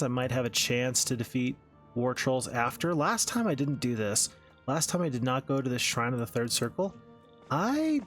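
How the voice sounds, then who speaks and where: Easygoing man narrating his strategy game. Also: mid-range voice. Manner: thinking aloud, easygoing and self-mocking. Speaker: gaming channel host. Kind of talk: let's-play commentary.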